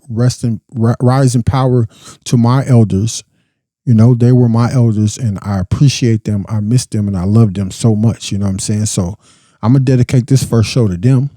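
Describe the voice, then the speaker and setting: A man's voice: medium pitch, normal speed, mellow, dry recording. A young adult man hosting a podcast, giving a blunt, profane, impassioned casual monologue. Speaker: podcast host.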